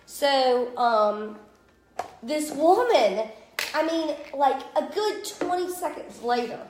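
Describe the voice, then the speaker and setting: A woman, co-hosting a casual chat and telling an animated story. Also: sits high, slow, a little hiss or hum. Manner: animated storyteller, acts out quotes. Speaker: podcast co-host. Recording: echoey room.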